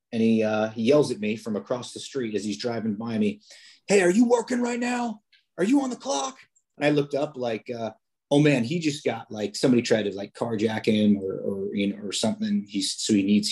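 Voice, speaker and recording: A man's voice: on the low side, darkish tone, husky. A police officer, a man, chatting as a podcast guest, telling stories casually with many restarts and fillers. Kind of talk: casual interview storytelling.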